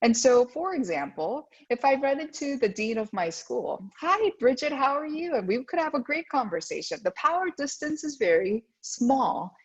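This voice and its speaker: A woman's voice: on the high side, big pitch swings, moderate pace, hardly any pauses, breathy edge. A woman giving a presentation to parents as a guest speaker at a school. She often checks in with "right?" and acts out the voices she quotes. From United States. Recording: dull lo-fi sound.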